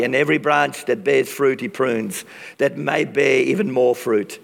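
A man preaching a sermon with passion and dramatic pauses, his voice strained from use. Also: mid-range voice, gravelly. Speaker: pastor. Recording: long reverb of a large hall.

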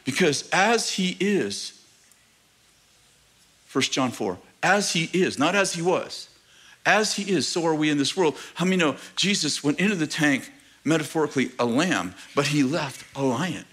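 A middle-aged man preaching a sermon to his church, animated and joking with the congregation, asking rhetorical questions. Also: on the high side, a little slow, slightly rough. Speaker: pastor. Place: church sanctuary.

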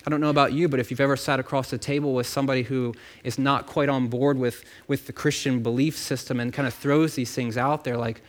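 A man's voice: mid-range voice, steady tone, brisk, hardly any pauses. A man delivering a sermon in a loose, conversational manner. He talks directly to his listeners, breaks off into asides and repeats words as he thinks aloud. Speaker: pastor.

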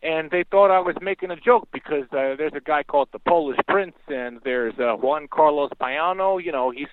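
A man's voice: fairly high pitch, normal speed, dry recording. A man with a Midwestern accent calling in to a talk show, rambling in a folksy way with many fillers. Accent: American Midwestern. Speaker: caller. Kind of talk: casual call-in chat. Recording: tinny phone line.

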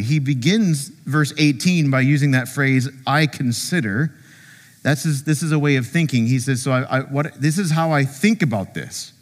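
A man preaching a sermon as pastor, conversational and animated, joking with the congregation and acting out quotes. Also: medium pitch, moderate pace, big-room sound. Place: church sanctuary.

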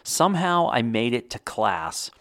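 A man's voice: medium pitch, very animated, a little slow, fairly bright tone, dry recording, clean studio sound. A middle-aged man hosting a solo podcast, talking casually with rambling, wry, self-deprecating humor. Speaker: podcast host.

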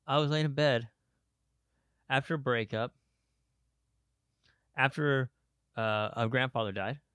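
A man talks through a personal podcast monologue in an open, unscripted way. He stops and restarts often and leans on fillers as he searches for words. His mid-pitched voice sits close and dry, with no room sound around it. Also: a bit bright, dry recording. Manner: candid, halting, with frequent restarts and fillers. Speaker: podcast host.

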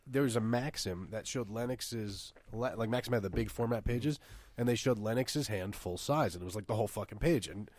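A man hosting a podcast, chatting casually and telling an excitable story. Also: lowish voice, brisk, no echo. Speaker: podcast host. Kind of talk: casual chat.

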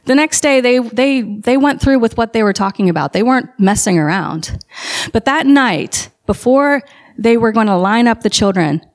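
A woman's voice: fairly high pitch, expressive, normal speed. A woman preaching a sermon, telling a story with building passion and emphatic calls to her listeners.

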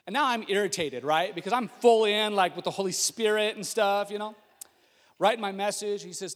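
Brief: middle-aged male pastor, lively storytelling sermon, fairly high voice, big reverberant church hall. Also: fairly quick. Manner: storytelling, animated, acts out quotes. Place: church sanctuary. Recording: long reverb of a large hall.

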